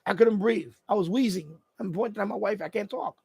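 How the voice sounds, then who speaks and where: A man's voice: high-pitched, fairly quick, gravelly, a little mellow, slightly rough. A man hosting a casual live stream from home, telling a story in a rambling way with many restarts. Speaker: radio hobby channel host. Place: at home, indoors.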